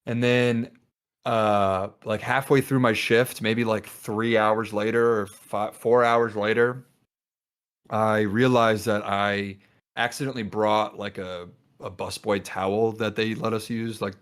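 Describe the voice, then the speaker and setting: A young man with a fairly low voice tells a long story on a podcast with his friends. He rambles, restarts his sentences, and acts out the voices of the people in it. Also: flat delivery, measured pace, clear, resonant tone. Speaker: podcast co-host. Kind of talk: casual storytelling among friends.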